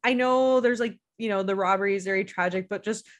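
A woman's voice: mid-range voice, fast. A woman hosting a podcast, chatting casually with lots of fillers and frequent laughter. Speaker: podcast host. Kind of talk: casual chat.

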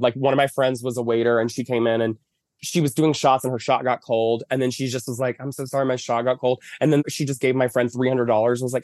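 A man's voice: medium pitch, a little mellow, no room sound, studio quality. Chatty man telling stories in bed. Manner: chatty storytelling with lots of fillers. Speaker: podcast guest, makeup artist. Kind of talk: casual chat. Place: at home lying in bed.

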